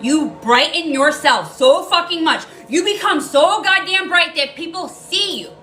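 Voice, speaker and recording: A woman with a very high, sharp voice speaks a little slowly as she gives a casual tarot reading over soft background music. The low-quality recording captures her blunt, emphatic style, free swearing, and repetition of key lines for emphasis.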